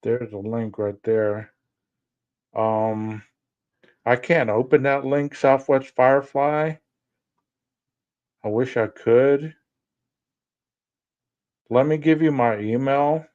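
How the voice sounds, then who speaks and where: A man hosting a live podcast stream, thinking aloud slowly and reading viewer comments. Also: mid-range voice, steady tone, a little mellow, no echo, dull audio. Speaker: podcast host. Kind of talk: live-stream chat over a floor plan.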